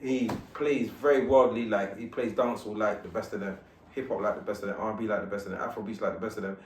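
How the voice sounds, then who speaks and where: A man hosting a podcast, relaxed and joking, often affirming his guest. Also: fairly low pitch, fast. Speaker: podcast host. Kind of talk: casual podcast chat. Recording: roomy, distant mic.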